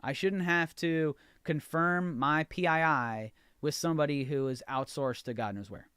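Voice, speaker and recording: A man's voice: on the high side, moderate pace, fairly bright tone, clean tone, no echo, clean studio sound. An American man hosting a podcast, telling a frustrated story in a ranting monologue and acting out both sides of the conversations. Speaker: podcast host.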